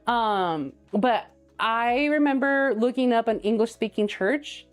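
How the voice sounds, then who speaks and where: A woman with a slightly high voice hosts a live cooking stream from her home kitchen. She talks in a loose, chatty way, telling stories and reading viewer comments aloud as she works. Faint music plays in the background. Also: takes it slowly. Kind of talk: casual chat while cooking live.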